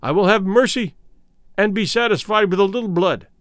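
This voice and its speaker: A man's voice: sits high, brisk, a bit bright, no room sound, clean studio sound. A man voicing a proud male tribal herald, proclaiming titles in a ceremonial manner. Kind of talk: audiobook character voice.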